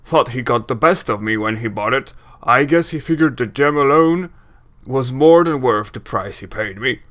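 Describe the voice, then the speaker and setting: A man voicing a loud, booming, gruff male merchant in a game he is reading aloud. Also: animated, normal speed, close to an everyday voice. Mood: amused.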